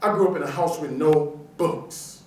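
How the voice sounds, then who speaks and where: A middle-aged man with a notably high voice delivers a punchy, emphatic motivational speech. He tells stories and jokes with his audience. He is picked up from a distance, and the sound rings through a large, very echoey auditorium. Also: moderate pace, a little hiss or hum. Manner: punchy, emphatic, joking with the crowd. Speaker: motivational speaker. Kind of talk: animated motivational storytelling speech.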